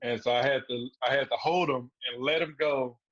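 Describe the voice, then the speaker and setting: A man's voice: medium pitch, fairly even intonation, a little fast, a bit bright, highs cut off. Laid-back man telling fight stories. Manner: laid-back, laughs through his stories. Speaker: guest fighter. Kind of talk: casual storytelling interview.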